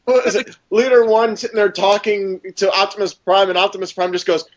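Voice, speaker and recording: A man's voice: high voice, little pitch movement, a little fast, no echo. A man co-hosting a casual podcast, rambling playfully through jokes. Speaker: podcast co-host. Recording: dull lo-fi podcast audio.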